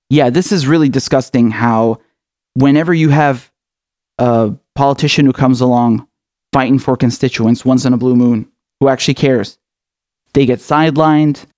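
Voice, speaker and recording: A man's voice: medium pitch, darkish tone. A man hosting a political commentary show, delivering an impassioned, outraged rant full of swearing.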